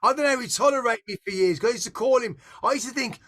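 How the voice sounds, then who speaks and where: A middle-aged man with a voice pitched high for a man. He talks in a casual interview, excitable and frank, with swearing scattered through his speech. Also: fast talker. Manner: candid, excitable, swears freely. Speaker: interviewee, musician. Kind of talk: casual conversation.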